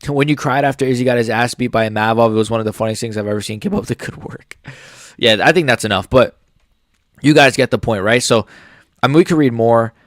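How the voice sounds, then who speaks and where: A man's voice: mid-range voice, fast, no echo, clean studio sound. A man hosting a casual MMA commentary channel, blunt and opinionated, swearing as he reacts to clips and comments. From United States.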